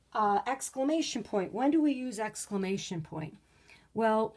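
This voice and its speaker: A woman teaching a recorded grade-school lesson, patient and clear, sometimes reading example sentences with lively exclamations. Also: medium pitch. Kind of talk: recorded video lesson for children.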